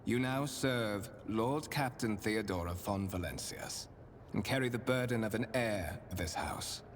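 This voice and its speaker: A man voicing a suave, low-voiced spymaster. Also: a little hiss or hum, lightly acted. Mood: courtly. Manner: formal, measured, faintly menacing courtesy. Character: suave male spymaster, courtly and calculating. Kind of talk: video game voice acting. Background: game music.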